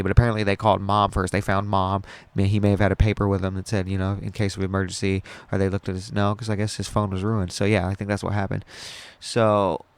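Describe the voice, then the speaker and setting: A man with a low, gravelly voice tells a long story on his podcast, rambling and swearing as he goes, often stopping to restart a sentence. The sound is dry and close, with no room echo. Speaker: podcast host. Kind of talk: casual storytelling monologue.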